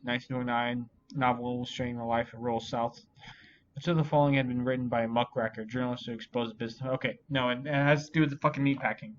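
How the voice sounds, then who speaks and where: A man's voice: medium pitch, slight background noise. A drunk man hosting a solo vlog, rambling and swearing constantly, frustrated and self-pitying. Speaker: channel host. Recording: dull lo-fi recording.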